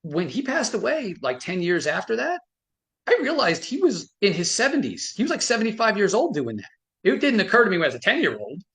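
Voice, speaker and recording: A middle-aged man who is a frequency medicine expert gives a motivational talk on a live stream, his high voice swooping wildly in pitch. Speaking a little fast in a somewhat bright tone, he tells stories animatedly and restarts often.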